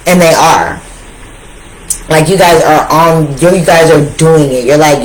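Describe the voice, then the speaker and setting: A woman giving a casual tarot reading, talking straight to her viewers in an animated, slangy way that repeats phrases for emphasis. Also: low-pitched, slow pace, a little hiss or hum, low-quality recording. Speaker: tarot reader.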